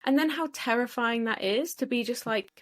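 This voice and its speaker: A woman's voice: on the high side, normal speed. A woman hosting a podcast, chatting casually and telling a story animatedly, acting out what people said. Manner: animated storyteller, acts out quotes. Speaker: podcast host. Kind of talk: casual chat.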